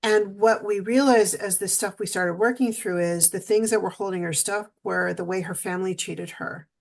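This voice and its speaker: A woman speaking as a guest in an interview, telling a personal story with animated energy. She acts out what she and others said along the way. An emotional edge runs through her telling. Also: mid-range voice, moderate pace, creaky.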